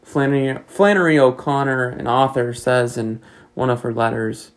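A man preaching a sermon as pastor, measured and earnest, pressing rhetorical questions. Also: medium pitch, steady tone, poor audio.

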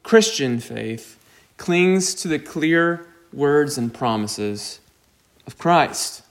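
A man preaching a sermon, slow and deliberate, with emphatic rises on key points. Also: a little high, expressive. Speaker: pastor.

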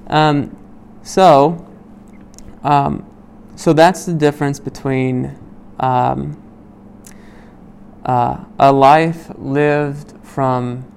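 A man leading a small Bible study group. He reads scripture aloud, then explains it in a loose, conversational way, asking "right?" often and pausing with "um.". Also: medium pitch, slight background noise. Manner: many "um"s and restarts while explaining.

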